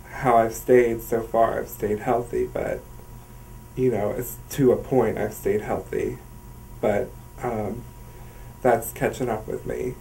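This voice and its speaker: A young man with a Southern US accent speaks in an audition, unhurried and halting. His pitch sits in the middle and barely moves. He fills the gaps with soft "um"s. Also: slight background noise, poor audio. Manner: slow, halting, many "um"s. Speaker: reality show applicant. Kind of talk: personal audition story.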